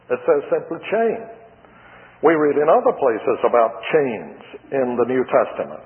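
A pastor preaching a sermon over a thin, phone-like radio broadcast. He speaks in a measured, deliberate way, slowing down to press his points. His voice rings with long reverb, as if he is in a large hall. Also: a little high. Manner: measured, deliberate preaching with slow emphatic phrases.

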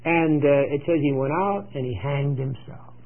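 A man with a fairly high voice leads a Bible study, retelling the story in a loose, conversational way full of pauses and filler words. The sound is thin and tinny, like an old radio broadcast. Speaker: Bible teacher.

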